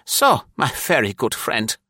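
A man's voice: medium pitch, huge pitch swings, a little slow, bright, forceful tone, breathy edge, no echo, studio quality, voice pushed up, full character voice. A man voicing a fat, greedy spy with an oily, snarling manner. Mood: menacing. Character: fat, greedy, menacing male German spy. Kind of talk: audiobook character voice.

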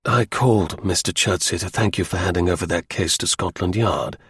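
A man's voice: deep voice, fairly quick, fairly bright tone, breathy edge, no room sound, clean studio sound, pitched below the performer's own voice, exaggerated voice. Stern cool spy chief, read by a man. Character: cool, stern older male intelligence chief.

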